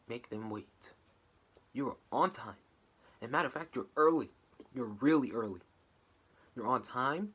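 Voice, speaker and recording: A young man talking casually as he recaps and reacts to a wrestling show, now and then breaking into a high, wailing mock-cry. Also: fairly bright tone, slightly rough.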